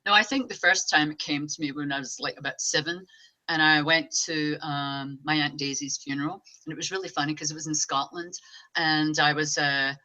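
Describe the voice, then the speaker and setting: Woman, psychic medium guest, chatty and animated, lowish pitch, bright forceful tone. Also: brisk. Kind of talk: casual interview chat.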